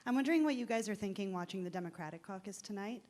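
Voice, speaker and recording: A woman reporter asking a question at a press conference in a measured, polite way. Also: medium pitch, expressive, a little mellow.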